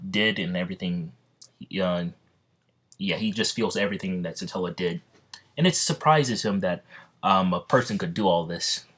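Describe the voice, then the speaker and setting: A man's voice: deep voice, fairly bright tone. A man casually retelling a fan story, rambling and often correcting himself as he goes.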